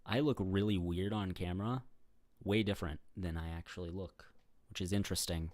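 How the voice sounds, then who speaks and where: With a low, darkish voice and a steady tone, this young man talks fairly quickly as he answers viewer questions on his YouTube Q&A vlog. He rambles, using fillers and restarts, and laughs at his own lines. There's no room sound, and the mic is a webcam setup facing the camera.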